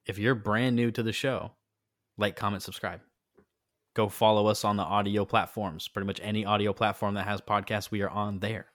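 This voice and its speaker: A man's voice: fairly low pitch, level tone, normal speed, fairly bright tone, dry recording, studio quality. A man co-hosting a casual podcast chat, rambling with many fillers and restarts. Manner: rambling, filler-heavy, self-correcting. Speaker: podcast co-host.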